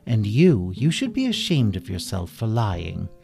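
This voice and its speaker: A man voicing a stately female mouse queen who speaks in a formal, measured, regal manner, over faint guitar music. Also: on the low side, huge pitch swings, vocal fry, full character voice.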